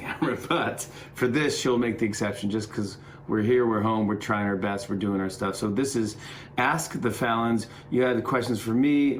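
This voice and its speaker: A man's voice: on the low side, a little hiss or hum. A middle-aged man hosting a talk show from home, delivering a joking comedy monologue with an upbeat, rambling manner.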